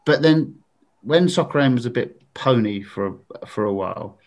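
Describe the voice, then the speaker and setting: A man chats with a podcast host, spinning a rambling story and stumbling over his words. His voice sits at an ordinary middle pitch and he keeps it loose and laughing. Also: normal speed. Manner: rambling, animated, laughs through stories. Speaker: podcast guest, former football show presenter. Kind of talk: casual storytelling chat.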